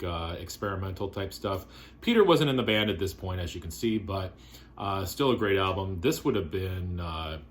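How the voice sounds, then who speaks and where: A man vlogging casually about his favorite records, relaxed and rambling with lots of fillers. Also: low-pitched, a little hiss or hum. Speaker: vinyl collector vlogger.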